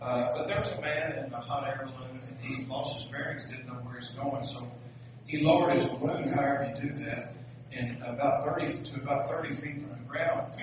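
A man's voice: mid-range voice, steady tone, normal speed, noisy background. A pastor with a Southern US accent preaching a sermon, folksy and joking as he tells stories. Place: church sanctuary. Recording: echoey hall, distant dull mic.

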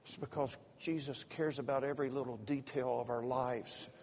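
A man preaching a sermon in a folksy, excitable way, full of repetitions and asides, with a slight Southern accent. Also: medium pitch, moderate pace, a little hiss or hum. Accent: Southern US, slipping in from home visit. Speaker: pastor. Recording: echoey sanctuary reverb.

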